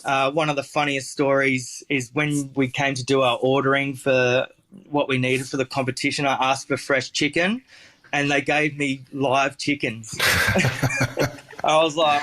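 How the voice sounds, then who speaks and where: A man's voice: mid-range voice, little pitch movement, unhurried, sharp tone. A man with an Australian accent, a chef telling stories in a casual interview, rambling with lots of fillers and restarts.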